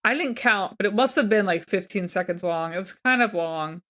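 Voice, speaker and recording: A woman co-hosting a podcast, casually narrating the episode in a relaxed, amused way. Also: medium pitch, a little fast. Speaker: podcast co-host. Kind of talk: casual recap chat.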